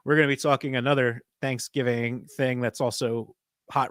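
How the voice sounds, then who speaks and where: A man co-hosting a casual chat show, slightly hoarse, telling animated stories and laughing often. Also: mid-range voice, normal speed, no room sound, clean studio sound. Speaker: podcast co-host.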